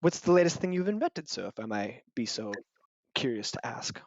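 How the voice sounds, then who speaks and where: A woman voicing a haughty, prim noblewoman who speaks in a snooty, drawn-out way. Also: rumbling low, big pitch swings, a little mellow, slightly rough, no room sound, lo-fi sound, full character voice. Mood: polite.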